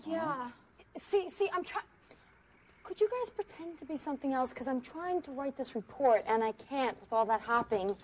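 A woman's voice: high-pitched, expressive, moderate pace, noisy background. A young woman, a student, pleading with others to stop so she can work. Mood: exasperated. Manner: exasperated, pleading.

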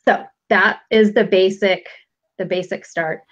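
A woman guest coach calmly walking listeners through a tapping technique step by step, with a patient, explanatory manner. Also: mid-range voice, measured pace. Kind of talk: instructional explanation. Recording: lo-fi dull audio.

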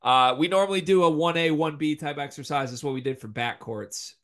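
A young man co-hosting a casual sports talk show, animated and opinionated as he ranks players, with the hiccups. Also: fairly high pitch. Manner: animated, opinionated, quick rankings. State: has the hiccups. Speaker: podcast co-host.

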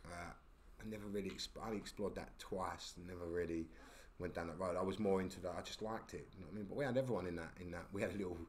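A man, a podcast guest telling stories in casual talk, animated and full of slang and tag questions. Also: low voice, quick pace, a little hiss or hum. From England. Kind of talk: casual storytelling.

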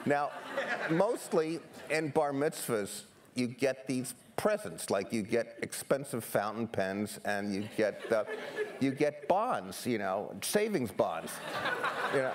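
An older man from New York City, telling stories on stage as a guest photographer, animated and self-deprecating, often restarting his sentences. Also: medium pitch, takes it slowly, background noise. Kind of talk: humorous stage conversation. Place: seminar stage before an audience.

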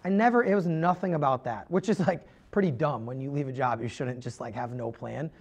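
A man's voice: medium pitch, brisk, slightly rough. Earnest young man, rambling podcast story. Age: young adult. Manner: rambling, heavy use of "like" and restarts; earnest, confessional. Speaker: podcast guest.

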